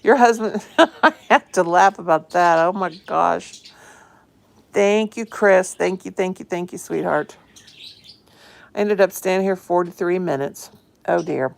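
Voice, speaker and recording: A woman's voice: fairly low pitch, a little slow, creaky. A woman chatting casually and affectionately on a phone live stream from home, greeting viewers and her pets. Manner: chatty, affectionate, fond of pet talk. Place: home, indoors.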